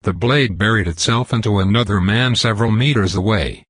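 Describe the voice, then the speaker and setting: Husky low male narrator. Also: brisk, fairly bright tone, dry recording. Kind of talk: scripted narration.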